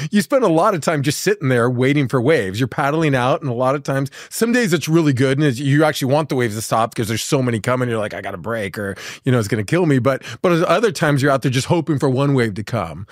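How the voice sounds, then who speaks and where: A man from California hosts a podcast in a loose, easygoing chat. He wanders through his thoughts with plenty of fillers and restarts, at a middling pitch. The sound is dry and close, with no room in it. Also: brisk, no echo. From California, USA. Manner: relaxed, rambling, many fillers and restarts. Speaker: podcast host. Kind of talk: casual chat.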